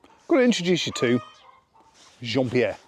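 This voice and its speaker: A man's voice: mid-range voice, expressive, moderate pace, very noisy. A man in his fifties from the UK, chatting casually to camera in a rambling, self-deprecating way. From United Kingdom. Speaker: vlogger.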